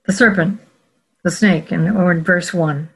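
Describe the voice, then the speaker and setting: A Bible teacher working through scripture in a careful, explanatory teaching talk. The speaker goes step by step, pausing to correct and rephrase mid-sentence. The voice sits at a middle pitch. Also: steady tone, a bit bright, husky, poor audio. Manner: measured and explanatory, with frequent self-corrections.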